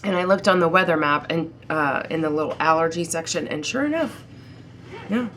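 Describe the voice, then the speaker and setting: A woman's voice: low-pitched, expressive, fairly quick, fairly bright tone, a little hiss or hum. A middle-aged woman from Ohio vlogging casually to camera, stuffy-nosed from allergies, chatty and rambling with lots of ums. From Ohio, United States. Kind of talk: casual vlog chat to camera.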